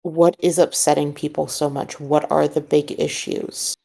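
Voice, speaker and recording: A woman voicing an earnest, measured man who speaks in a calm, careful way. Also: low voice, creaky, full character voice. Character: earnest, measured man courting disillusioned people.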